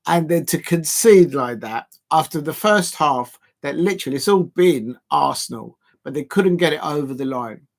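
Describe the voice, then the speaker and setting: A man's voice: a little high, animated, moderate pace, gravelly, hardly any pauses. A man hosting a casual football watch-along, rambling and laughing while lifting weights. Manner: rambling and chatty, laughing often. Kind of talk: casual live-stream commentary.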